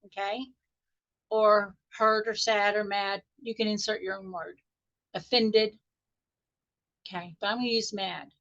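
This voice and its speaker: Soft-spoken woman coach on a call. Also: fairly high pitch. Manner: soft, unhurried guiding voice that turns chatty and animated when explaining. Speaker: life coach. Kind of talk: guided meditation and teaching on a live group call. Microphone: video call audio. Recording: dull lo-fi video call sound.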